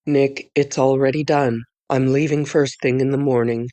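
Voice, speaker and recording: A woman voicing a groggy husband apologizing on a phone call in an audiobook, speaking in a lowered voice with hesitant, conciliatory phrasing. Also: steady tone, normal speed, warm tone. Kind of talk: audiobook character voice.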